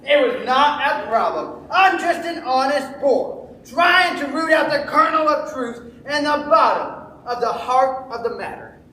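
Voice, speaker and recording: Brash, taunting young male, played by a young actor, slow and theatrical, in a roomy far-off hall. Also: high-pitched, expressive, slight background noise, exaggerated voice. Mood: cocky, folksy. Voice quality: loud, taunting, bouncy delivery. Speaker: stage actor in a school musical. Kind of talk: live stage musical acting. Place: school stage in a large hall.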